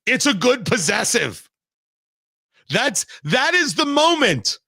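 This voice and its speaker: A man's voice: very high voice, sing-song, takes it slowly, gravelly, pushed and bright, slightly rough, no room sound, clean studio sound. A middle-aged man hosting a talk show, delivering an emphatic, sarcastic monologue and acting out imagined conversations. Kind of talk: opinionated talk radio monologue.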